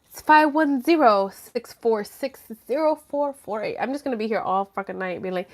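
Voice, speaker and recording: A woman's voice: fairly high pitch, moderate pace. A woman hosting a casual live stream from home, chatty and rambling, swearing freely. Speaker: livestream host. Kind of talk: casual livestream chat.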